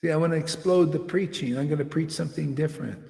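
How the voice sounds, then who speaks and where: This preacher talks fast in a slightly high, somewhat mellow voice with vocal fry. His devotional sermon is informal, confrontational and rambling, full of "see?" directed at the audience. Long reverb from an echoey hall surrounds him.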